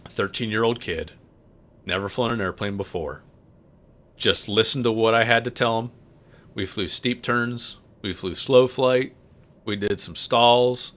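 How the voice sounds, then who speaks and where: A man, talking loosely on a livestream. His voice is bright and forward, and he keeps up easy jokes as he tells stories while working the controls. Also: on the low side. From United States. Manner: chatty storyteller, joking while flying. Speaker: livestream host and pilot. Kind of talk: casual livestream chat.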